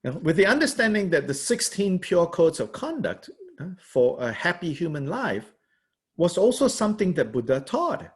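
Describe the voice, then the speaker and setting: A man teaching as a Buddhist teacher, commenting on a text in a thoughtful, halting way with many fillers and pauses, and laughing lightly now and then. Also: fairly high pitch, very animated. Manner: laughs lightly while explaining.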